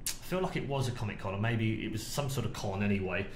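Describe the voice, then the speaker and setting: This middle-aged esports broadcaster with a British English accent co-hosts a podcast, spinning a lively story and voicing the quotes himself. He pitches on the low side and talks fast, with roomy echo and a faint background noise on the track.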